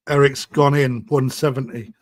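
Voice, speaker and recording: A man's voice: mid-range voice, dry recording. A man hosting a live online auction, chatting with bidders in a casual, matey way. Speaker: koi auctioneer.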